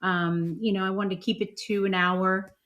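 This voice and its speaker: A woman's voice: mid-range voice, little pitch movement, moderate pace, fairly bright tone, highs cut off, slight background noise. A woman hosting a live chat show, gushing with enthusiasm about her upcoming guests. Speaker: host.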